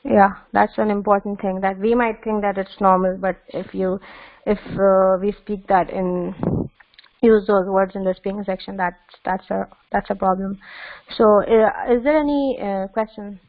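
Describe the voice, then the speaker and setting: A woman's voice: mid-range voice, fairly even intonation, normal speed, dry recording. A woman presents tips in an online webinar, hesitating often with fillers and restarting her phrases. Her voice sits mid-range. It comes through a thin, phone-like video call line with no room sound. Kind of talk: instructional webinar talk. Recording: tinny phone-like call audio.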